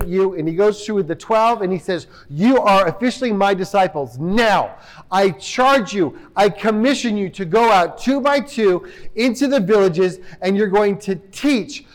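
A man preaching a sermon, retelling a story and acting out the dialogue, often repeating words as he goes. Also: high-pitched. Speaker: pastor.

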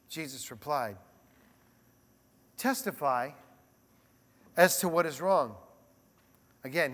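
Male pastor, high-pitched, lively conversational sermon delivery; recorded with long hall reverb. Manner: animated, conversational preaching with asides.

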